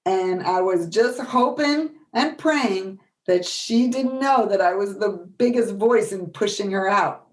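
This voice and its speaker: A middle-aged woman presenting a workshop, telling animated stories and acting out the voices of people she quotes. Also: medium pitch, takes it slowly, hardly any pauses. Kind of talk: storytelling lecture.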